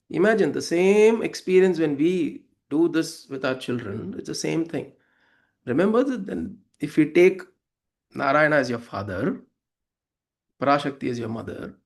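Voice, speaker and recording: Guy explaining spiritual verses, kinda high voice, chatty, keeps asking "right?". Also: animated, unhurried, pauses often, darkish tone. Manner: conversational, acts out quoted voices, asks listeners "right?". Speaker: spiritual teacher. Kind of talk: devotional talk explaining verses.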